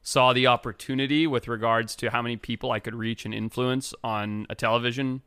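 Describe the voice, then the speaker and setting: A man's voice: mid-range voice, fairly even intonation, brisk, a bit bright, clear, resonant tone, no room sound. A man from Africa, a wildlife biologist, telling stories as a podcast guest in a laid-back way, swearing and acting out quotes. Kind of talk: casual storytelling chat.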